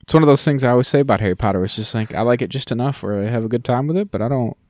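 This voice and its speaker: Male podcast co-host, mid-pitched, quick and excitable, slangy casual chat. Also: no room sound, clean studio sound. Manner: enthusiastic, slangy, recaps scenes.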